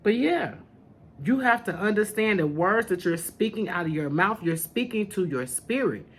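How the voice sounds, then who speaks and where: A woman's voice: mid-range voice, expressive, moderate pace, slightly rough. A woman hosting a spiritual podcast in casual talk to camera, sassy and familiar, calling listeners honey and baby. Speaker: podcast host, spiritual teacher.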